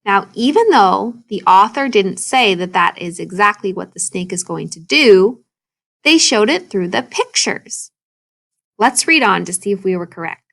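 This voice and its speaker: A woman's voice: mid-range voice, lively intonation, measured pace, vocal fry, a bit bright. Patient woman teacher reading a storybook. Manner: patient, explaining to children. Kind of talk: reading a story aloud in a video lesson.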